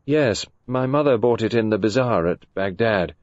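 A man's voice: lowish voice, moderate pace, slight background noise, natural voice. Man doing a tired, listless young woman. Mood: weary. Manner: dull, flat, uninterested.

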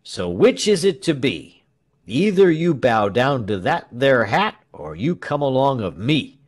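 A man voicing a gruff, stubborn, dim-witted soldier who speaks roughly. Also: medium pitch, very animated, measured pace. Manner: rough uneducated speech.

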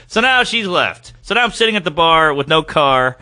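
A man's voice: fairly high pitch, normal speed, hardly any pauses. A man, a guest comedian, telling a comic story on a podcast and acting out the quoted lines in different voices. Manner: animated, acts out quoted lines in varied voices.

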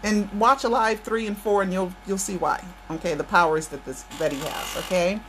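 American woman host, emphatic and repetitive, talks straight at viewers, mid-pitched, slight room hiss. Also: fairly even intonation, normal speed, fairly bright tone. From United States. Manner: emphatic, repeats phrases, addresses viewers directly. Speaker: channel host. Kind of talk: impassioned political rant to viewers.

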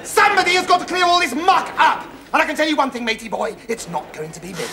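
징징대는 거만한 학생. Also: male voice, quick pace, a loud crowd, heavy background noise. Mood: indignant. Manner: shrill, whining and bossy. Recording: echoey sitcom track with loud audience laughter.

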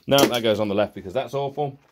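A man's voice: mid-range voice, fast, background noise. A young man giving sarcastic, exasperated casual commentary while reviewing cheap toys. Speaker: toy reviewer.

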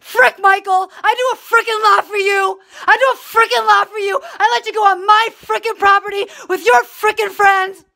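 A woman's voice: a little high, very animated, a little slow, fairly bright tone. A woman voicing a furious, entitled woman who screams and swears while demanding money, near tears. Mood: screaming rage.

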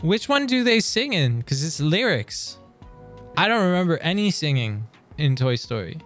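A male streamer talks his way through a quiz on stream, his fairly high voice swinging widely up and down. He gets excited, swears freely, and reads lyrics out as he thinks, with soft music in the background. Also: normal speed. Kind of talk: casual chat during a quiz on stream.

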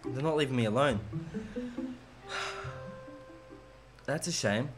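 A man's voice: mid-range voice, slow. A man streaming a video game, giving casual, joking commentary and talking back to the characters. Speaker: let's play streamer. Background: game music.

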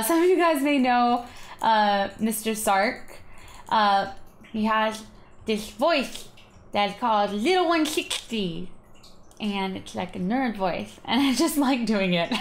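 A chatty woman gives casual commentary while she plays a video game. She rambles and giggles, and her voice sits at an ordinary middle pitch. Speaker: gaming video host.

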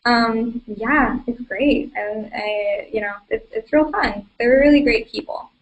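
A young woman with a high voice chats through a live question-and-answer stream, stumbling over fillers and laughing easily. The recording is a low-quality stream copy. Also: takes it slowly, dull audio. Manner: chatty, filler-heavy, giggly. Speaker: livestream host. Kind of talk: casual live Q&A.

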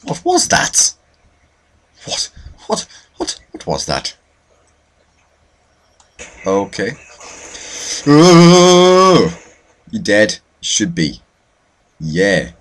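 A man's voice: sits low, sing-song, very slow, pauses often, a bit bright, breathy edge. A young man hosting a let's play, commentating his own matches with self-mocking, mock-boastful trash talk. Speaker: gaming channel host.

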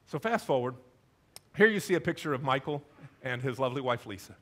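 A middle-aged man preaching a sermon, telling a self-deprecating story in an animated, conversational way. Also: mid-range voice, brisk. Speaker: pastor.

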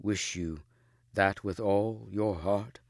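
A man's voice: on the low side, moderate pace, clean tone, no room sound, studio quality, lightly acted. A man voicing a noble knight in love, speaking in an earnest, strained way in a storybook reading.

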